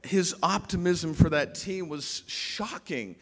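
A man giving a humorous, story-filled memorial speech with restarts and emphatic pauses, in a large pavilion hall. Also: a little high, expressive, slight background noise. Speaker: eulogist speaking at a memorial. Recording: long hall reverb.

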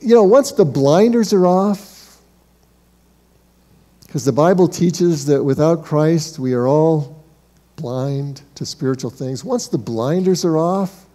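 At a slow pace, a pastor with a warm, mellow, fairly high voice gives a sermon to his congregation. He poses rhetorical questions and calls them beloved, sometimes speaking emphatically and sometimes dropping almost to a hush.

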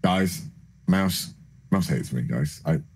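A man's voice: low voice, animated, takes it slowly, darkish tone, breathy edge. A man streamer in casual banter, smugly teasing and mock-stern with his co-host.

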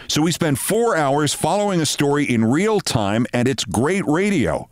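A man in his sixties, hosting and telling a brisk anecdote, acting out the dialogue of the people in it. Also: mid-range voice, very animated, no room sound. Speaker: host. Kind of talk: anecdotal storytelling monologue.

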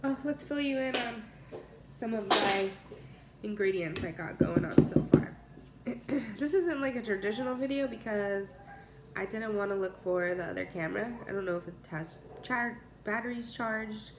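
A woman's voice: medium pitch, moderate pace, very noisy. A young pregnant woman chatting casually to her camera while cooking in her home kitchen, rambling and laughing often. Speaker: cooking vlogger.

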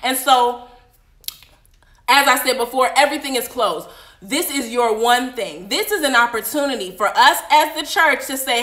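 A woman teaching a casual Bible study on a livestream, preaching in a chatty, animated way with frequent asides. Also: high voice, normal speed, echoey room.

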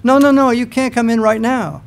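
A man's voice: very high voice, vocal fry, voice pushed up. A man voicing a flustered homeowner who fussily makes excuses not to open the door. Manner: fussy, hurried, exclamatory.

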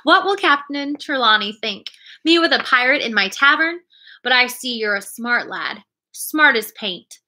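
A woman's voice: unhurried, bright, forceful tone. Long John Silver, as a woman reads him, hearty pirate innkeeper. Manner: hearty, booming, old sailor talk. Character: jovial one-legged pirate innkeeper, tall, strong man.

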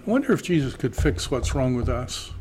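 A man teaching a Greek class, slowly reading Greek aloud and then translating it. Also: mid-range voice, sing-song, a little mellow. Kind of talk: classroom lecture.

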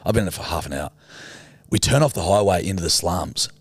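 A man's voice: low voice, lively intonation, fast talker, husky, dry recording, studio quality. A young Australian man co-hosting a podcast, telling a long sweary story in casual chat and acting out the other people in it. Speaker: podcast co-host.

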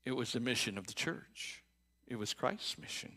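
A pastor delivers a sermon in the church sanctuary with a chatty style full of restarts and repeated words. He climbs to loud, forceful peaks and sinks into quiet, thoughtful passages, his mid-range voice lively in intonation at a moderate pace.

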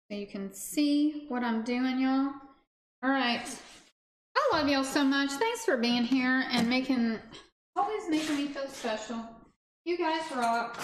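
A woman hosting a casual cooking livestream, chatting with viewers while she cooks. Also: high-pitched. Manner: bubbly, talks to chat viewers while cooking. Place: home kitchen. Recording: echoey kitchen, faint background noise.

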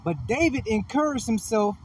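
A man reading scripture aloud at a bible study in a steady manner. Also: high-pitched, moderate pace. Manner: steady reading, short affirmations. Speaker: scripture reader. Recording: distant mic with light noise.

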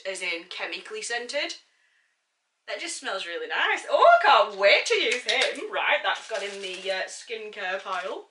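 A woman's voice: on the high side, pushed and bright, echoey room, far from the mic. A woman unboxing beauty products, chatty and self-mocking, reading product blurbs aloud. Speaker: beauty vlogger. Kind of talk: casual unboxing chat.

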